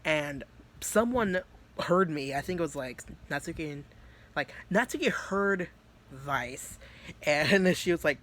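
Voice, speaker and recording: A man's voice: on the high side, expressive, measured pace, fairly bright tone. A man telling a story in a casual, rambling way, with many restarts and laughs. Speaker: youtuber.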